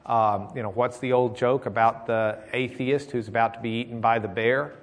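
A man preaching a sermon in a folksy, conversational way, telling jokes and moving between loud emphasis and quiet, intimate passages. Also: medium pitch, fairly even intonation, moderate pace.

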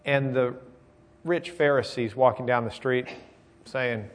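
A man delivering a sermon in a relaxed, folksy manner. He tells a joke and then shifts between rising emphasis and hushed, close reflection. His voice sits in a middle pitch. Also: measured pace. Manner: folksy, tells jokes, swings from loud emphasis to quiet. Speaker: preacher.

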